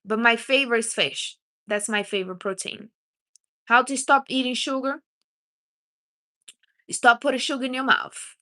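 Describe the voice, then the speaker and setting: Bright-voiced woman giving blunt advice. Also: fairly high pitch, fairly even intonation, normal speed, pauses often. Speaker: livestream host. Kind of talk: casual livestream chat.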